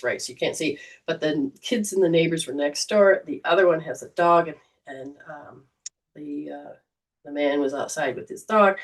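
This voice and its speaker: A woman's voice: sits low, recorded from a distance. A woman hosting a casual livestream as a psychic reader, talking in a chatty, rambling way. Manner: chatty, rambling, warm storytelling.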